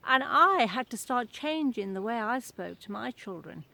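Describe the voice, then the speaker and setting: Earnest, fairly high-voiced middle-aged woman. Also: expressive, moderate pace, vocal fry, pushed and bright, rough recording. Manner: earnest, conversational, anecdotal. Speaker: speaker giving a short devotional talk. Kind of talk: informal devotional talk.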